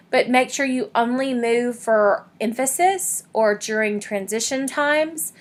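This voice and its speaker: A woman teaching a public speaking class in a recorded lecture, explaining things plainly with frequent ums. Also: a little high.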